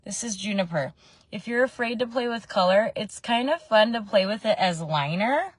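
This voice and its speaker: A woman's voice: mid-range voice, lively intonation, moderate pace, slightly rough, no echo. Chatty woman vlogging from her car. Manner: chatty and meandering, with frequent ums. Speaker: makeup vlogger. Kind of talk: casual makeup tutorial chat. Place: parked car.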